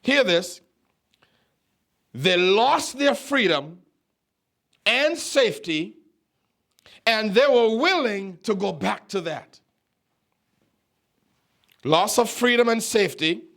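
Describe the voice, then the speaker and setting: A high-voiced man preaching a sermon, middle-aged and from Nevis. He tells his stories with emphatic repetition, and his voice climbs even higher as he exhorts the congregation. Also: slow, vocal fry, long pauses. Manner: emphatic, repeats phrases, rises to high exhortation. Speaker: pastor. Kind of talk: sermon storytelling.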